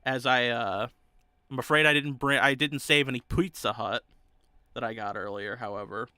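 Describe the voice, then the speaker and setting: Easygoing male streamer, rambling chat, clear bright tone, dry and close. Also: mid-range voice, normal speed, no room sound. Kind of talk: casual chat.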